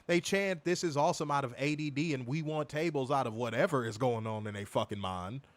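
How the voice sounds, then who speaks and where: A man's voice: medium pitch, a little fast, no echo. A man hosting a wrestling review podcast, ranting and mocking in profane comedic commentary, laughing often.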